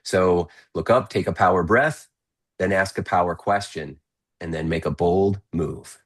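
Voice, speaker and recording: A man speaking as a podcast guest, giving energetic, persuasive coaching advice in a conversational way. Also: low voice, measured pace. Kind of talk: podcast interview talk.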